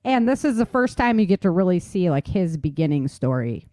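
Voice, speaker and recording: An upbeat, chatty woman hosts a podcast, her talk bright with laughter and quick rises in pitch. She is recorded close on a dry mic with almost no room sound. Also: very animated, dry recording. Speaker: podcast host. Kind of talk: casual chat.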